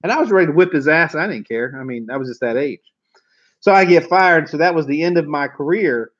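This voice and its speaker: The voice is a man's, a little high and fairly bright, with lively intonation and a brisk pace. He's a car sales trainer in his 40s telling salty, rambling tales to camera, folksy and full of swearing. The recording sounds dull and lo-fi.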